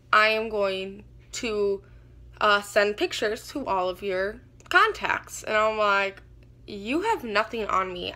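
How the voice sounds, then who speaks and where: Bright-voiced young woman vlogger, slow and halting. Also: medium pitch. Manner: halting, full of "like" and "you know". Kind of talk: casual storytime monologue.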